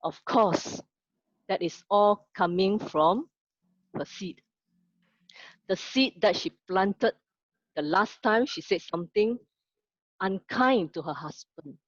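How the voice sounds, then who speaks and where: A woman teaching an online lesson. She speaks slowly, asks her listeners questions and tells a story. The audio is dull, lo-fi and dry. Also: mid-range voice, expressive, no room sound.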